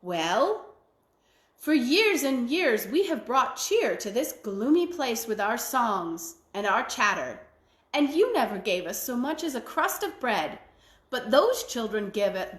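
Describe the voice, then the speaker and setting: A woman's voice: medium pitch, roomy sound. A woman voicing a flock of forest birds in a dignified, reproachful tone.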